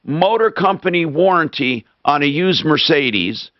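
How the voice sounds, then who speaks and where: A man hosting a call-in radio show, animated and quick to interrupt with questions. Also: a little high, dry recording. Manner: animated, interrupting, exclaims in disbelief. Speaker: radio talk show host. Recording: dull lo-fi radio stream.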